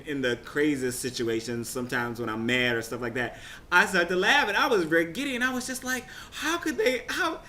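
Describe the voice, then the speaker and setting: Chatty excitable man recapping a show. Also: a little high, slight background noise. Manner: chatty, excitable, rambling with restarts. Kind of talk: casual recap talk.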